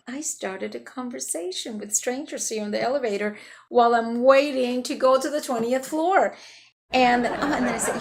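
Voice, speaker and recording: A woman's voice: a little high, steady tone, moderate pace, slight background noise, poor audio. A woman improvising a comedic monologue, talking in a hyper, chatty way and laughing through her story.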